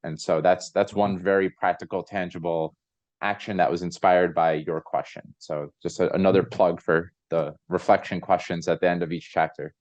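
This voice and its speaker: A man hosting a podcast interview, speaking in a thoughtful, measured and appreciative way. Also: low-pitched, little pitch movement, a little mellow, no room sound, lo-fi sound. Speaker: podcast host. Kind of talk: conversational interview.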